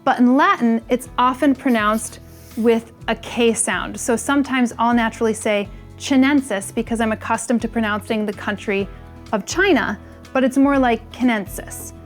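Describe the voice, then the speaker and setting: A woman in her thirties hosts a casual lesson on plant names. Her voice sits somewhat high, and she talks in a loose, chatty way, dropping "like" often. Faint music runs quietly beneath her. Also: normal speed. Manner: chatty, frequent "like" fillers. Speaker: host teaching plant names. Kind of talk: casual educational talk.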